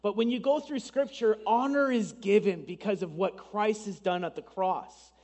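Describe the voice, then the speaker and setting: Man, pastor, high voice, sermon, conversational, asides, dramatized quotes. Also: moderate pace, darkish tone, in a large hall. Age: adult, married.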